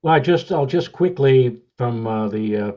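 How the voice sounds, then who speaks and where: A man co-hosting a weather podcast, explaining a space image step by step in a measured way. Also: medium pitch, expressive, dull audio. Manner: measured, explanatory, with many uh fillers. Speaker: podcast co-host, meteorologist.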